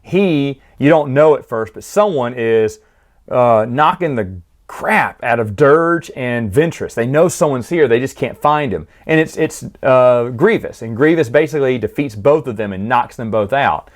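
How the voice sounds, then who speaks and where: A chatty man recapping a book series, pitched in the middle of the male range. He rambles informally, restarts his sentences, fills pauses and laughs along with his own stories. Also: expressive. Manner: chatty, laughs often, frequent restarts and fillers. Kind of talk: casual spoken recap.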